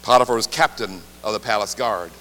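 A man preaching a sermon, leading the congregation in call-and-response and shifting between loud and quiet delivery. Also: lowish voice, fairly quick. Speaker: pastor. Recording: reverberant hall, faint hum.

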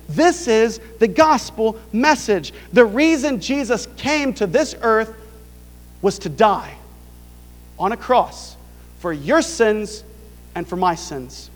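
A man's voice: very high voice, big-room sound. A male pastor preaching a sermon, pressing his point with rhetorical questions.

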